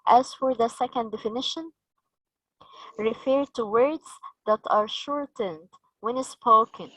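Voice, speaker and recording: Slow-speaking Egyptian woman trainer. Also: fairly high pitch, fairly bright tone, no room sound, rough recording. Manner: slow, explanatory, quizzes the audience. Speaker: teacher trainer. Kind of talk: training session lecture.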